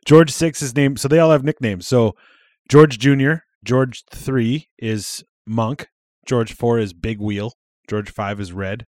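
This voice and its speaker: A man with a mid-pitched voice chatting casually on a podcast. He swears freely and often trails off mid-sentence. The sound is close and dry. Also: takes it slowly, darkish tone, no echo. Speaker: podcast co-host. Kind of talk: casual chat.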